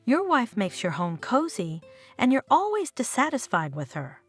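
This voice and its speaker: A woman's voice: on the high side, wildly swooping pitch, normal speed, breathy edge, soft background music, full character voice. A woman reading the part of a pushy, meddling older mother who nags her son. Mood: reproachful. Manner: insistent, nagging.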